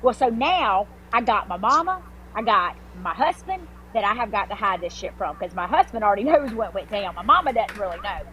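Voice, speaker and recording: A woman, a podcast guest telling her story in casual talk, animated and swearing freely, with many restarts and fillers. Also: medium pitch, brisk, a little hiss or hum, rough recording.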